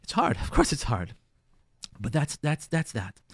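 A man's voice: a little high, unhurried, no room sound, studio quality. A middle-aged man, a rabbi teaching a Torah class on marriage, acting out everyday scenarios and repeating phrases for emphasis. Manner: animated, acts out everyday scenarios.

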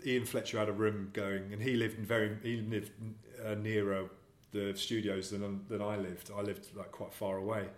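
A man's voice: on the low side, little pitch movement, moderate pace, few pauses. Chatty man telling anecdotes in an echoey room. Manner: chatty, rambling anecdotes with self-deprecating humour. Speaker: guest actor. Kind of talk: casual interview storytelling.

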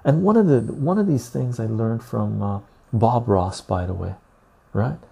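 A calm man hosting a livestreamed podcast, reading out the chat in an easy, unhurried way. His voice is dark and husky, with a gravelly, fry-laden edge. He swears freely and laughs often, yet never raises his voice. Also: medium pitch.

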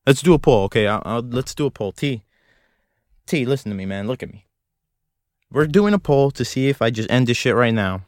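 A man's voice: mid-range voice, animated, brisk, no room sound, clean studio sound. A young man hosting a solo podcast from a closet, rambling in a profane, self-mocking, jokey way. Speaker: podcast host. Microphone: close studio mic.

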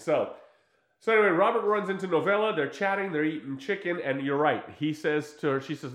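A man casually retelling a film plot on a podcast, acting out the characters' lines in quick, animated bursts. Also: a little high, roomy sound. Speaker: podcast co-host.

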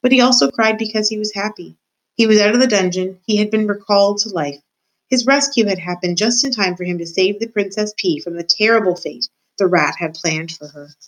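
A woman teacher reading a children's book aloud to her class, warm and expressive in her storytelling. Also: mid-range voice, brisk, poor audio.

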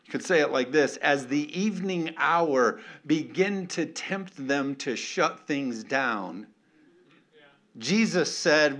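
A man preaching a sermon as a pastor, animated and playful, often calling out for an amen from the congregation. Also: medium pitch, slow. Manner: animated, playful, calls for amens.

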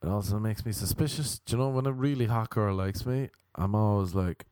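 A man's voice: on the low side, a little fast, hardly any pauses, warm tone, no room sound, clean studio sound. A young Irish man hosting a comic podcast, rambling through self-mocking stories and plugs with jokey asides. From Ireland. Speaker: podcast host and comedian.

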